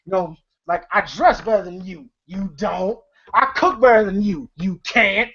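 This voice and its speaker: A man's voice: sits high, measured pace, fairly bright tone, heavily acted. A man voicing a feisty, bragging old uncle, delivering his lines in loose street slang. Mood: teasing. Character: feisty old uncle who teases and brags. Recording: slightly dull lo-fi audio.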